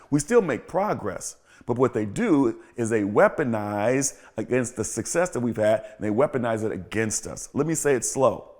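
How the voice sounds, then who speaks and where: A man's voice: medium pitch, darkish tone. Emphatic man preaching in repeated phrases. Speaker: pastor and podcast host. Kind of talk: preaching-style commentary.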